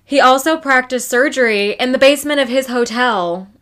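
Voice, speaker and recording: A woman's voice: high-pitched, moderate pace, fairly bright tone. A woman co-hosting a casual true crime podcast, telling the story in a loose, swearing, chatty way.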